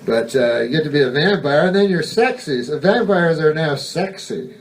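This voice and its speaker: A man doing a stand-up comedy monologue on a club stage, delivered in a deadpan, rambling and profane style with halting asides. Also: a little high. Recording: distant mic, noisy live recording.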